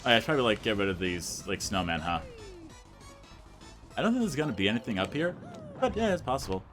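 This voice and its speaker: A young man with a lowish voice chatting loosely over his gameplay, rambling as he goes and filling nearly every sentence with "like". It is relaxed let's play commentary with faint game music under him. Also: fast.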